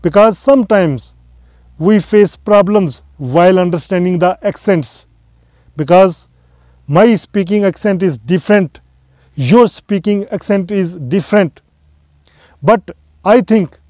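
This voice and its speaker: A man giving a spoken English lesson to his viewers, offering slow, earnest advice and repeating key phrases. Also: sits high, warm tone, no room sound. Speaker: English teacher.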